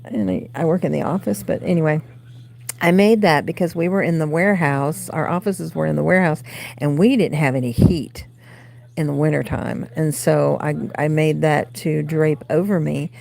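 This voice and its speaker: Southern woman in her forties, craft stream host, dark mellow voice, rambling chatter. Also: deep voice, moderate pace, gravelly. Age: 40s. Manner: rambling, coos baby talk to her cats. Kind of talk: casual livestream chat. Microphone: phone.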